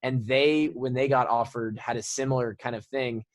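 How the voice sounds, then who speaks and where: A man's voice: medium pitch, moderate pace, no room sound. A man hosting a podcast, reacting with exclamations and asking casual questions. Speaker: podcast host. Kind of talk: casual interview chat.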